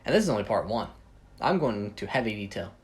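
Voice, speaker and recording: A man reads his own fan story in a casual, rambling way, often cutting himself off and joking between scenes. His voice sounds a little tired, and his pitch jumps around a lot as he talks. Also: sing-song, fast. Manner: rambling, self-interrupting, jokey. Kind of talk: casual story reading with asides. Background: video game playing.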